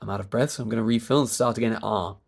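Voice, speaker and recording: A man with a British RP accent and a stuffy nose, coaching pronunciation by stretching vowel sounds very slowly. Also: on the low side, vocal fry, darkish tone. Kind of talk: slow demonstration of vowel sounds.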